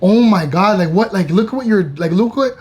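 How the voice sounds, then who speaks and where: Telling the story of his partner giving birth, a man who co-hosts a couple's channel speaks at normal speed in a high, somewhat dark voice with lively intonation. He's casual and slangy, stumbling and restarting as the excitement builds.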